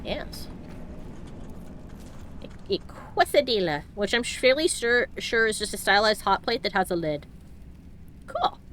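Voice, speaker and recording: Bright, playful woman streamer. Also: medium pitch, animated, moderate pace, a little hiss or hum. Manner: chatty, playful, exclaiming at the game. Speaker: let's-play streamer. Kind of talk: casual gameplay commentary.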